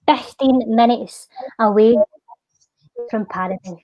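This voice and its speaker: A woman with a Scottish accent, pitched a little high, delivers spoken word poetry and casual chat in a lilting, heartfelt way. She eases her pace on the refrain. The sound is dry, with no room echo. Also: slow, dark tone, lo-fi sound. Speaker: guest poet.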